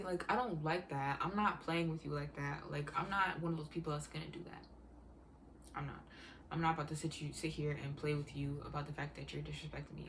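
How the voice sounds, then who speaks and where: Woman with a lowish voice, venting hard to camera, swearing and emphatic. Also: fairly quick, a little hiss or hum. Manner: profane, heated and emphatic; exasperated storytelling. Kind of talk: emotional rant vlog.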